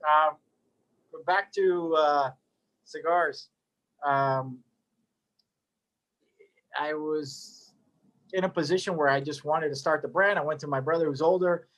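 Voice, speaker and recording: A man's voice: on the high side, slow, pauses often, fairly bright tone. A middle-aged man casually telling his story as a cigar maker, rambling with joking asides and lots of fillers.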